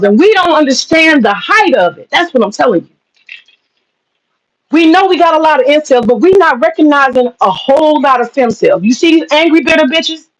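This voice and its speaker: Woman w/ ranting to her viewers, blunt and cussing, higher voice. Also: poor audio. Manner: blunt, profane, rhetorical questions. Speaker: commentary channel host. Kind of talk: ranting opinion commentary.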